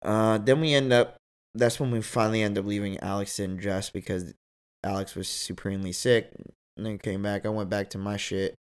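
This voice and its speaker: A young man telling a story in casual, slangy podcast chat, animated and jumping high in pitch when he quotes others. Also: moderate pace, smooth.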